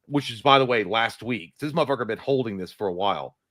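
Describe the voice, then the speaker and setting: A man's voice: lowish voice, expressive, quick pace, fairly bright tone, no room sound. A man co-hosting a casual chat, telling stories animatedly and acting out the other people's lines, swearing freely. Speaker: podcast co-host.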